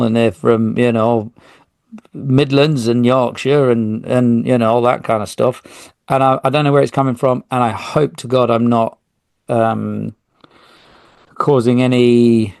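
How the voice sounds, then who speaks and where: A man's voice: mid-range voice, creaky, a little mellow, no echo. A man hosting a solo podcast, talking in a rambling, self-interrupting way with jokey asides. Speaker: podcast host.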